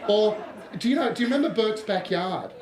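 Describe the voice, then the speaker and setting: A man with an Australian accent giving a lively workshop presentation to a live audience, joking and throwing in asides. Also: sits high, fast talker, crowd noise. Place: large room with live audience. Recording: roomy echo of a hall.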